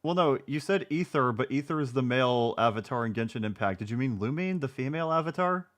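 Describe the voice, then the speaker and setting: A man's voice: medium pitch, expressive, fast. A male streamer gives live commentary over a video he is watching. He mocks it with sarcasm and frequent swearing. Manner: sarcastic, mocking, profane.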